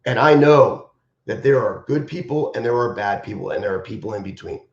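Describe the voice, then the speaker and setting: A man's voice: fairly low pitch, animated, fairly quick, gravelly. Man martial arts instructor on a live stream, impassioned and emphatic, roomy dull audio. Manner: impassioned and emphatic, repeating key phrases.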